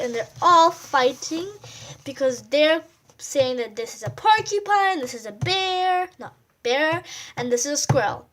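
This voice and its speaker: Woman reading a kids picture book aloud, slow, chatty asides about the pictures. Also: high-pitched. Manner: animated, adds chatty comments on pictures. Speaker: storyteller.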